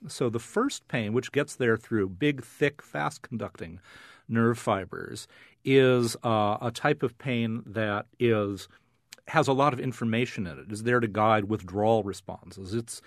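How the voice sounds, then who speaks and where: A middle-aged man, a neuroscience professor, explaining on a radio interview with frequent "uh" fillers and animated emphasis. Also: mid-range voice, no room sound, clean studio sound.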